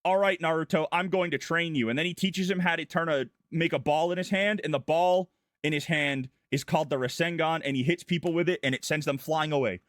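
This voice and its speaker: Casting note: male vtuber, slightly higher voice, irreverent rambling recap, dry close mic. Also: a little fast, a bit bright, no room sound. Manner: goofy, irreverent, breathless run-on storytelling. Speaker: vtuber streamer. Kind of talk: casual rambling plot recap.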